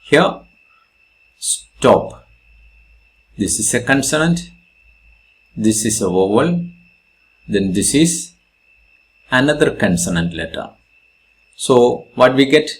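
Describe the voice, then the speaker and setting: Slow, lively-voiced male English teacher. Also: medium pitch. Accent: Indian English. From India. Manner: slow, deliberate, repeats examples and stresses syllables. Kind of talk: grammar lesson explaining spelling rules.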